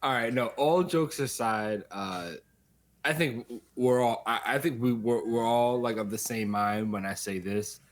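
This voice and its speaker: A man's voice: mid-range voice, measured pace. A man co-hosting a podcast, joking and emphatic, swearing freely as he argues a point. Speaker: podcast co-host. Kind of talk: casual chat.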